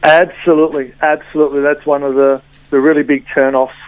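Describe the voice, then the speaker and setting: A woman's voice: sits low, level tone, a little fast, no room sound. A woman guest explains her points over a thin, phone-like line. Her delivery is full of fillers and repeated starts, and the sound is dry with no room to it. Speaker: body language trainer.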